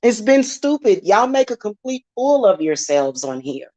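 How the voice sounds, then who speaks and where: A woman's voice: mid-range voice, very animated, moderate pace, darkish tone, no room sound. A woman hosting her own channel, delivering a heated, profane, confrontational rant at her critics. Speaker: spiritual reader and channel host. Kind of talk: angry vlog rant.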